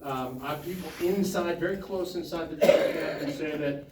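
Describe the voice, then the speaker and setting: A man with a fairly high voice tells an animated story to a town hall crowd, acting out the other people's lines and laughing along the way. He is picked up from across an echoey hall. There is a faint hiss of room noise behind him. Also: moderate pace, far from the mic. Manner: animated anecdote with laughs and quoted dialogue. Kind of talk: storytelling to an audience.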